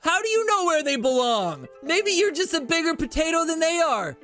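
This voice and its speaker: A man's voice: sing-song, normal speed, bright, forceful tone, soft background music, heavily acted. A man putting on an annoying, whiny voice to play a complaining male gamer. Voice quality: annoying, nasal whine. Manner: high strained complaining read.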